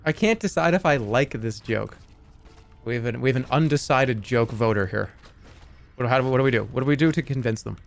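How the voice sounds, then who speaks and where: A man's voice: medium pitch, brisk, creaky. Rambling, joking male streamer. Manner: rambling, joking, reading chat aloud. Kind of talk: casual live-stream chat. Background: faint game music.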